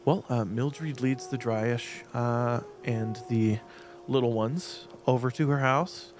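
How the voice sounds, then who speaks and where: A man running a tabletop game as game master, narrating in a relaxed way with frequent fillers. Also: mid-range voice, slow, faint music behind.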